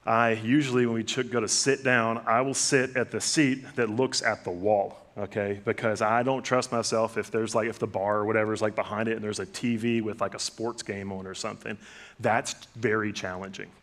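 A middle-aged man with a fairly low voice preaching a sermon. He talks casually, like he is chatting with the congregation, and acts out the quotes in his stories. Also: fairly quick. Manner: conversational storytelling with lively acted-out quotes. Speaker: pastor.

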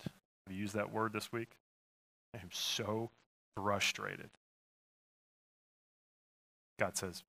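A middle-aged male pastor preaches in a sermon, setting up call-and-response with his congregation. His voice sits a little low but rings bright and forceful. He voices Jesus' answers in quotes. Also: unhurried.

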